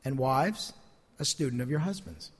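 A man's voice: medium pitch, animated, normal speed, husky, in a large hall. A man preaching a sermon as pastor, earnest and emphatic, repeating key phrases for weight.

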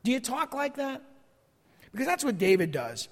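A man's voice: extremely high pitch, big pitch swings, normal speed. A man in his forties preaching a sermon, earnest and conversational, asking his listeners questions. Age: 40s. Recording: long hall reverb.

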